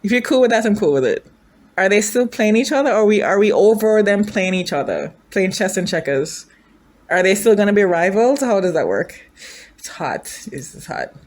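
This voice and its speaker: A woman's voice: medium pitch, animated, normal speed, a little mellow. A woman chatting casually as she reacts to a drama, thinking aloud, gushing, and asking her viewers questions. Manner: emotional, gushing.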